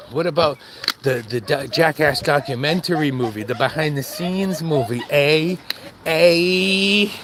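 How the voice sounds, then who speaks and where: His voice a little high and a bit bright, an adult man with kids talks casually while walking the dog for his vlog. He rambles and jokes, laughing at his own remarks, and there's a little hiss or hum.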